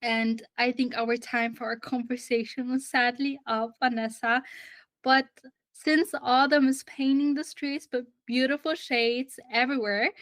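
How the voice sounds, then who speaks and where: A woman radio host speaks with a slightly high voice. She moves smoothly from one segment to the next, and she is recorded dry and close to the mic. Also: a bit bright, no echo. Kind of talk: hosted radio talk.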